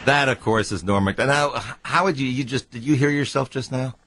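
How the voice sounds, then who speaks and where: A man's voice: medium pitch, a little fast, very noisy. A man hosting a talk radio show, joking and teasing his guest at the studio microphone.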